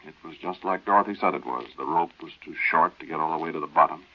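Storyteller, extremely deep voice, husky edge, slow earnest narration, 1940s radio drama, lo-fi recording. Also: male voice, full character voice. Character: man recalling a spooky night in the desert. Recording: lo-fi old radio broadcast.

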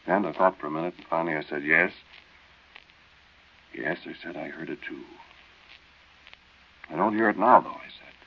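A storyteller recalls a frightening night beside a desert well, his voice extremely deep and gravelly. He narrates in a slow, earnest way with a husky edge. The sound is dull and lo-fi, like an old radio broadcast. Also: heavily acted. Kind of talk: 1940s radio acting.

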